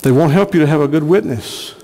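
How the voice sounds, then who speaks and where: Preaching pastor in a reverberant church. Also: male voice, a little high, fairly quick, warm tone. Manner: earnest preaching, repeats phrases for emphasis. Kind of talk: sermon. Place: church sanctuary.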